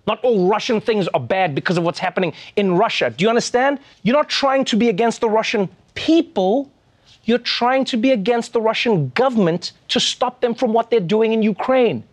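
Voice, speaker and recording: A man hosting a late-night comedy show, delivering a scripted monologue with sarcastic, exasperated asides. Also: high-pitched.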